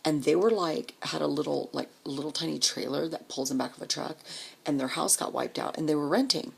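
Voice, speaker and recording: A vlogger from the Denver area in the US tells a long personal story, swearing freely and animatedly acting out what people said, sometimes dropping to a whisper. Her voice is deep, gravelly and breathy, and she talks a little fast.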